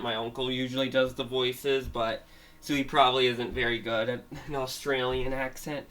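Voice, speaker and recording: A young man retelling a made-up story off the cuff, halting and giggly, with many restarts. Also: mid-range voice, sharp tone.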